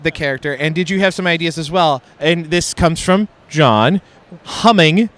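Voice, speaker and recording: Male interviewer, slightly higher pitch, eager fan energy, convention setting. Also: normal speed, a bit bright.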